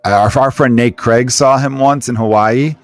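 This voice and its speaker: A man's voice: medium pitch, steady tone, a little slow, no echo. Male podcast host, casual and joking, dry studio sound. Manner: rambling, joking, fond of asides.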